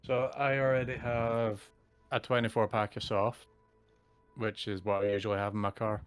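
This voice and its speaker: A man's voice: fairly low pitch, flat delivery, moderate pace, clean tone, no echo, faint music behind. A man playing a tabletop game over voice chat, teasing his friends and laughing. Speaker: tabletop player. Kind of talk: casual play over voice chat.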